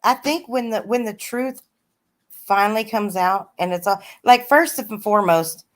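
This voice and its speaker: A woman's voice: medium pitch, normal speed. A woman on a livestream panel who eggs the others on and speaks sarcastically with profanity. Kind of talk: casual chat.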